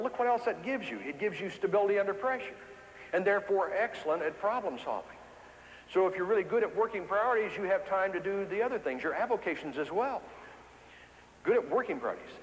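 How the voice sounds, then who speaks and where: A man's voice: sits high, a little hiss or hum. Folksy man speaking in an echoey hall. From Ozarks, USA. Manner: folksy, animated storytelling with repetition for emphasis. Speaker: motivational speaker. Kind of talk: keynote speech to an audience. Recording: echoey hall with long reverb.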